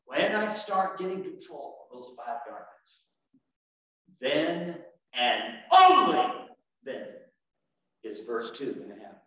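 A man preaching a sermon as pastor, animated, swinging from shouts to quiet asides. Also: a little high, slow pace, long pauses. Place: church sanctuary. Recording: echoey church room from far off.

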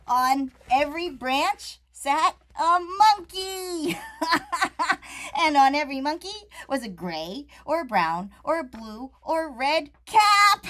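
A woman reads a picture book aloud to young children. Her high, lively voice swoops widely and takes its time. She is playful and animated, drawing the kids in with questions. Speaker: storyteller.

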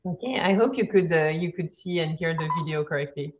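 A woman's voice: low voice, a little fast, slight background noise. Woman, product presenter, hesitant, filler-heavy, lo-fi video call audio. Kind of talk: virtual conference update.

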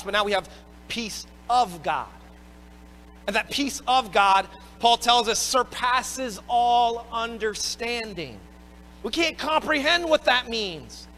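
A man's voice: high-pitched, bright, forceful tone, slight background noise, low-quality recording. A man preaching a sermon as pastor, emphatic and repeating his words as he drives home each point.

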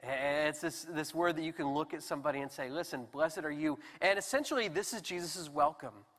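A man preaching a sermon in a relaxed, conversational and self-deprecating way with animated emphasis. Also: fairly high pitch, brisk. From United States. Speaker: pastor. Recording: long hall reverb.

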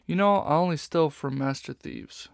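A man voicing a charming male raccoon master thief in a storybook, talking smoothly and teasingly. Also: on the high side, moderate pace, no echo, clean studio sound.

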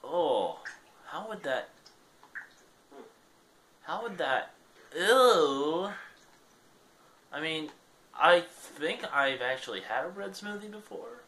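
A man's voice: fairly high pitch, sing-song, takes it slowly, long pauses, pushed and bright, a little hiss or hum. A young man giving casual gameplay commentary, rambling and self-deprecating. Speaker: gaming channel host.

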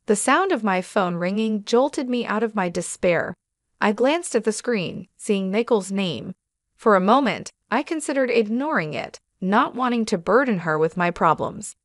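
A woman narrating a first-person family drama in a steady, even reading. Her voice sits in a middling range and is recorded very dry and close, with no room sound. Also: mid-range voice, moderate pace, no echo.

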